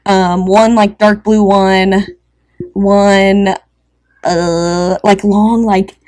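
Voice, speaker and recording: A woman's voice: mid-range voice, little pitch movement, drawn-out words, a little mellow, no room sound, studio quality. A woman with a Midwestern American accent co-hosting a casual chat podcast, rambling with lots of filler words. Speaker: podcast co-host. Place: front porch outdoors.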